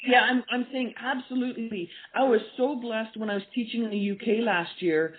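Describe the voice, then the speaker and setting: A woman's voice: on the high side, fairly even intonation, normal speed. A woman guest on a radio interview, telling stories earnestly and acting out quoted dialogue. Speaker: guest, animal communication teacher. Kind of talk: storytelling interview talk. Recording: tinny phone line.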